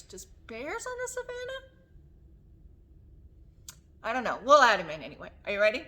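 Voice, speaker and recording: Slightly hoarse woman leading children's story time. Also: on the high side, normal speed, pauses often. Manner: animated, sing-song, coaxing young children. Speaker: children's librarian. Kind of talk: story time with songs and picture book reading. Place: public library story room.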